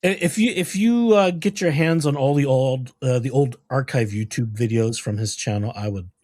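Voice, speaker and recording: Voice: medium pitch, normal speed, darkish tone, no echo. A stream co-host chatting casually and animatedly, slipping into mocking asides. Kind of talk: casual chat.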